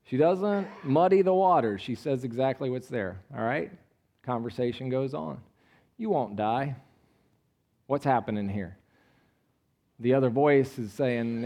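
A man preaching a sermon in a conversational way, often asking the congregation questions and shifting between quiet asides and a raised voice when reading scripture. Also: medium pitch, a little slow, pauses often. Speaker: pastor.

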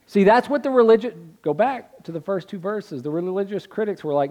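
Man, pastor, sermon, high-pitched, conversational, asks the congregation questions. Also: a little fast, hardly any pauses, a little mellow.

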